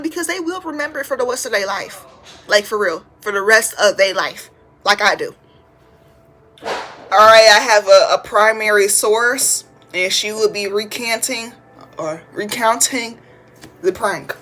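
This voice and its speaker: A woman in her twenties, host of a podcast, telling childhood stories in a casual, animated way with big dramatic jumps in her voice. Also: mid-range voice. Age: 20s. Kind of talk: casual storytelling.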